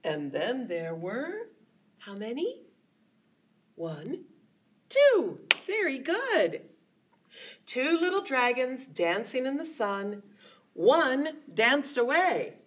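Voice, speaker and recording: A woman's voice: on the high side, sing-song, takes it slowly, a bit bright, breathy edge. A woman children's librarian leading storytime, with sing-song rhymes and coaxing questions to young children. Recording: voice a little distant from the mic.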